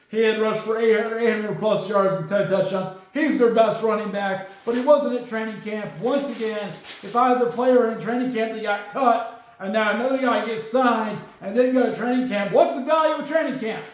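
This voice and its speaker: A man's voice: very high voice, slight background noise. A man hosting a solo sports podcast, ranting his opinions and tagging points with "okay?". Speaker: podcast host. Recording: very echoey room.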